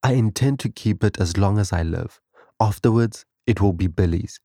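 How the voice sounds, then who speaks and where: Gravelly-voiced man telling a heartfelt story. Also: fairly low pitch, moderate pace, warm tone, dry recording, clean studio sound. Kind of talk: emotional spoken testimony.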